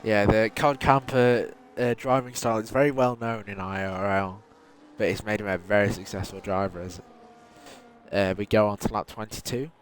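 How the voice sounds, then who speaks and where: A man's voice: on the low side, steady tone, normal speed, a little hiss or hum. A man calling overtakes live in play-by-play commentary on a sim racing broadcast. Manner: calls overtakes as they happen, apologetic. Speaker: race commentator.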